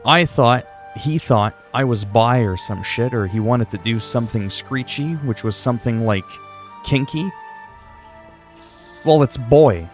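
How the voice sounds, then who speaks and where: A man's voice: medium pitch, moderate pace, soft background music. A man in his forties chatting casually on a game livestream, rambling, with crude joking asides. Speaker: game streamer.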